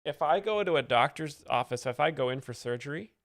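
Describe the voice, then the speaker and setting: Man, mock-expert commentator, pompous and deadpan, gravelly voice, dry close sound. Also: a little high, brisk, no room sound. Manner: pompous, self-serious professorial persona. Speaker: comedic joke explainer host.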